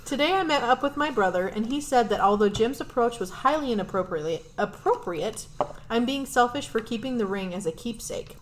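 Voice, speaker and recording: A woman co-hosting a podcast, reading an online post aloud in a steady voice and chatting in between. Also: medium pitch, rough recording. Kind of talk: reading a story aloud with casual chat.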